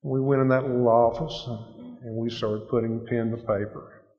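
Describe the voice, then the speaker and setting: A man's voice: mid-range voice, fairly even intonation, moderate pace. A man giving an earnest, plain-spoken personal testimony at a recovery meeting. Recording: echoey hall, dull lo-fi sound.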